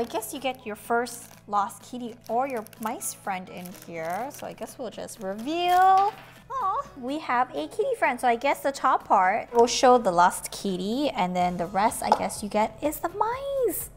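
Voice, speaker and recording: A woman hosting a casual toy unboxing, bubbly and exclaiming as she talks to viewers like friends. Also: sits high.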